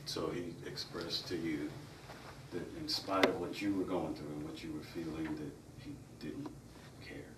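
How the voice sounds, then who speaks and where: A man interviewing, asking measured, probing questions. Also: sits low, fairly even intonation. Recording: roomy, distant mic, faint noise.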